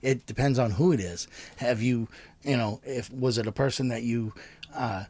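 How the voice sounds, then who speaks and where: A man co-hosting a talk show, chiming in with dry teasing remarks and halting restarts. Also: mid-range voice, darkish tone. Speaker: podcast co-host. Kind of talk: casual chat.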